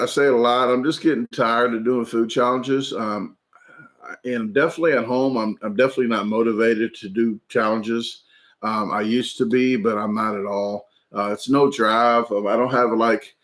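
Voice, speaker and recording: On a relaxed home livestream, an American man in his forties who hosts a food channel replies to what viewers write. His pitch sits in the middle range and his tone is a bit bright; he speaks haltingly, with filler sounds and plenty of restarted sentences.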